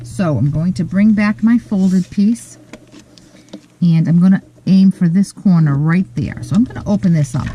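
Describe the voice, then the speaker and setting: A woman walks through a card-making tutorial at her craft desk, slowly and methodically, pausing now and then to think. Her voice is low-ish and very mellow. There is a faint noise under the recording. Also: rough recording. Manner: relaxed, methodical, frequent "um" pauses. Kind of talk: step-by-step craft demonstration.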